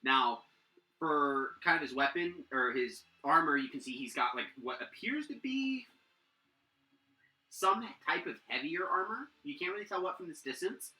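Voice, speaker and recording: Rambling game master with a bright voice. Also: male voice, on the high side, lively intonation, moderate pace, roomy sound, rough recording. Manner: rambling with frequent fillers and restarts. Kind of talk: narrating a tabletop game.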